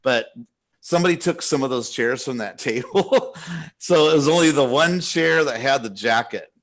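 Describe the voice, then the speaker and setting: A man co-hosting a casual podcast, retelling a story in a rambling, animated way with many restarts. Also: mid-range voice, normal speed. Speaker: podcast co-host.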